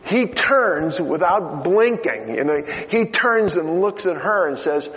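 A man's voice: high-pitched, animated, slow, few pauses, fairly bright tone. An older man preaching a sermon in a chatty, joking way, with many fillers. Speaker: pastor. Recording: dull lo-fi sound in a reverberant hall.

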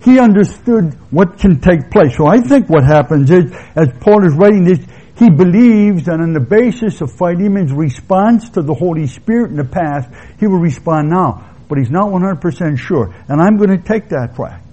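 A man preaching an expository sermon in a conversational way, pausing to restate his points. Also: high voice, animated, mellow, husky, lo-fi sound.

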